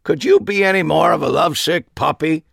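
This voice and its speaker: Male narrator voicing a grumpy older widower, deadpan, gravelly, dry close sound. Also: mid-range voice, a little slow, no echo, pitched above the performer's own voice, exaggerated voice. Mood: sarcastic. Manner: flat, deadpan. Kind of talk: audiobook character voice.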